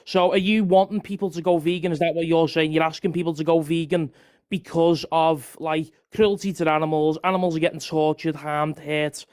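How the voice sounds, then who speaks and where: A man's voice: on the high side, level tone, a little fast, darkish tone. A man arguing in a heated online debate, rambling and repeating himself.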